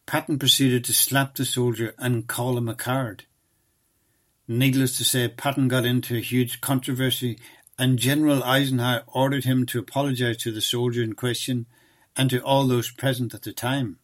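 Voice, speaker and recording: A man giving scripted documentary narration in a measured, even reading style. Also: mid-range voice.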